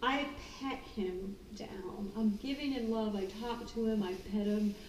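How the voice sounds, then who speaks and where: A woman who trains dogs, talking casually and animatedly, often acting out the dogs' thoughts and her own excited calls. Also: medium pitch, unhurried, a little hiss or hum. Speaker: dog trainer. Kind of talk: casual talk on dog training. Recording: roomy, distant mic, faint ambience.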